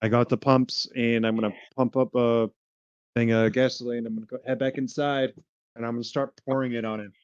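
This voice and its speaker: A man's voice: mid-range voice, little pitch movement, fairly quick, clear, resonant tone, no room sound. Guy playing a tabletop game, jokey, lots of um and uh, muffled lo-fi mic, dry. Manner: joking, hesitant, filler-heavy. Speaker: player. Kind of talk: casual tabletop play. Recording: dull lo-fi sound.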